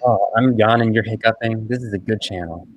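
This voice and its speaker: A man chatting casually before a tabletop game, relaxed and quick to laugh. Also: lowish voice, dry recording.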